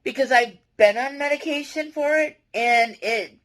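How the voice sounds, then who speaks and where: A woman speaking directly to her viewers in a personal confessional vlog, earnest and halting, often restarting her sentences. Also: sits high, low-quality recording. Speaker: vlogger.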